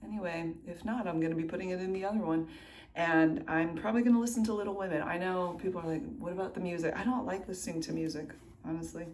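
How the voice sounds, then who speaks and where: Chatty woman vlogging with low voice. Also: steady tone, fast talker, darkish tone, slight background noise. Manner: chatty, rambling, self-correcting. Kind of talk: casual vlog chat. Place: home indoors, then outdoors at a race.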